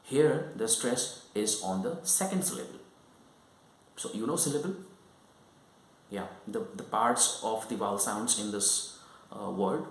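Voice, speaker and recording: A man giving a lesson, explaining slowly and often checking whether the listener follows. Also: on the low side, reverberant, poor audio. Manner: repetitive, checks understanding often. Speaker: English teacher.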